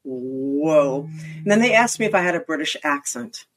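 A woman from Philadelphia talks through her past as an interview guest. She is chatty and self-mocking, tossing in dry little asides as she goes. Her voice sits at an everyday middle pitch. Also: fast talker, vocal fry, fairly bright tone. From Philadelphia area, US. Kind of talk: casual interview chat.

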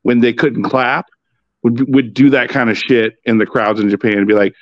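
A man's voice: mid-range voice, little pitch movement, moderate pace, no room sound, lo-fi sound. A man joining a casual wrestling chat who explains things in a laid-back, profane way. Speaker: podcast guest on wrestling.

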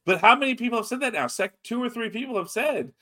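A man co-hosting a casual wrestling podcast, talking in a rambling, animated way with lots of restarts. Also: very high-pitched, quick pace. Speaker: podcast co-host.

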